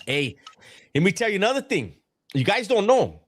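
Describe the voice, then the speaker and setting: Animated man telling stories. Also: sits high, normal speed. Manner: animated, swears freely, street slang. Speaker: live stream co-host. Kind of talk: casual storytelling chat.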